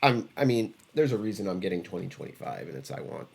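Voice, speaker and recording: A man with a fairly low voice talks casually as a podcast co-host. He rambles and halts, restarting his sentences and filling pauses with ums as he goes. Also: sing-song, gravelly, darkish tone, husky. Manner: rambling, halting, many fillers and restarts. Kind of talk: casual chat about trading cards.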